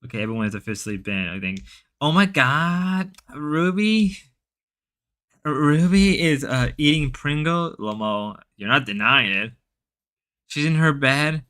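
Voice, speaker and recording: Male livestream host, bright and crisp, mid-pitched, casual chat delivery that rambles and stumbles as he reads chat aloud. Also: expressive, measured pace.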